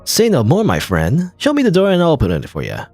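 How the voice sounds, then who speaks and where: A man's voice: fairly high pitch, huge pitch swings, fairly quick, a little mellow, faint music behind, pitched above the performer's own voice, full character voice. A man voicing a friendly, cocky young male burglar who talks in a breezy, chummy way. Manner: chummy, breezy, smooth-talking.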